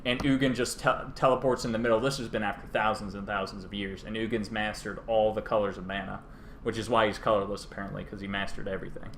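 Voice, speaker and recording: A man's voice: on the low side, little pitch movement, fast, fairly bright tone, slight background noise. A man hosting a podcast, casually retelling fantasy lore in a rambling, irreverent way full of fillers. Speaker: podcast host.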